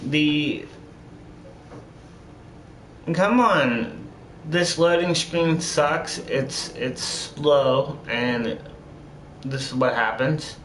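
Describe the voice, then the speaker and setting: A man's voice: on the high side, very slow, pauses often, fairly bright tone. A man streaming a game, chatting casually and repeating words for emphasis as he rambles. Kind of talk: casual gameplay commentary. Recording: echoey room with faint noise.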